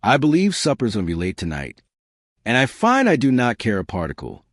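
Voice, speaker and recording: A man voicing a soft-spoken old male rancher with a dry, gentle voice. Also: mid-range voice, huge pitch swings, a little fast, no room sound. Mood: wry.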